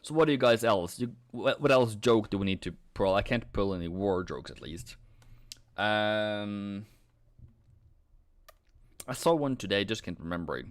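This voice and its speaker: A man's voice: on the low side, animated. A man hosting a live trading stream, talking through charts and joking with his viewers. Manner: joking banter, drawn-out chart talk.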